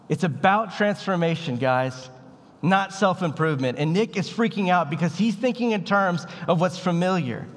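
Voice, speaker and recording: A man's voice: high-pitched, lively intonation, normal speed, in a large hall. A man preaching a sermon as a pastor, in a casual, conversational way with bits of slang. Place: church sanctuary.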